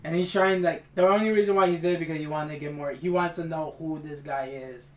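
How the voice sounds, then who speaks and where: Excited young man, says "bro". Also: on the high side, brisk, echoey room, highs cut off. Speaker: movie review co-host. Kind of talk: casual movie chat.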